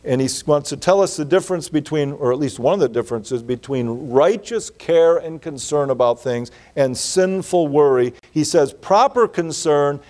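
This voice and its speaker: A man delivers a sermon in a slightly high-pitched voice. He speaks earnestly and with emphasis, and he slows down to press home the points that matter. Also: expressive, a little mellow. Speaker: pastor.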